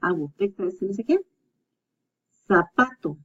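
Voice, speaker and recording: A woman teaching a recorded language lesson, speaking slowly and patiently and repeating words so learners can practice. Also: mid-range voice, big pitch swings, slightly rough. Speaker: Spanish teacher. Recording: dull lo-fi recording.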